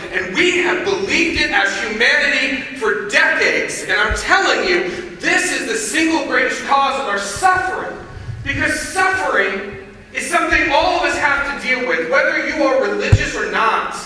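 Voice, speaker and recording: A man giving a chapel sermon, telling stories conversationally and building to loud emphasis, recorded from far off in a large hall. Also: very high-pitched, slight background noise. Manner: conversational storytelling, rising to shouts. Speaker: chapel speaker.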